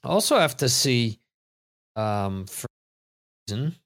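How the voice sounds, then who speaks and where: Slow-talking man hosting a trivia stream. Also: medium pitch, very animated, a bit bright. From United States. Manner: rambling, chatty, reads viewer comments aloud. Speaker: trivia show host. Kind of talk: casual live-stream chat. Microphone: computer microphone.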